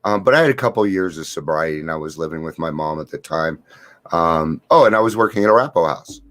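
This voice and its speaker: A man's voice: rumbling low, animated, quick pace, a bit bright. A middle-aged man talking to camera in an earnest, confiding way, sharing a daily recovery reflection and stories. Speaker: recovery vlogger.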